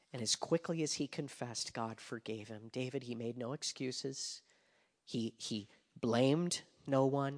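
This pastor, a man with a medium-pitched voice, preaches a sermon full of passion, moving from loud emphasis down to hushed whispers. A long hall reverb colors the recording.

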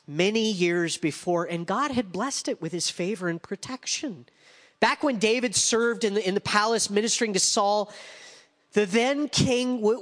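A man's voice: high-pitched, fairly bright tone, long reverb tail. A man preaching a sermon as pastor, conversational with wry asides.

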